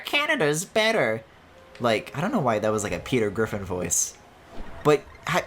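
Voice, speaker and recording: A man commentates his own gameplay in a lively, rambling way, his voice leaping up and down in pitch as he jokes and tells stories. He swears casually and laughs often. A faint noise floor sits under the voice. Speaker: streamer. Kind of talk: casual let's-play commentary.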